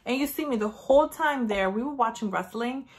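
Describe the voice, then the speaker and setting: A woman's voice: on the high side, a little fast, a little hiss or hum. A woman beauty vlogger chatting casually, telling a rambling story full of "like" and acting out her own lines. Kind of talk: casual chat.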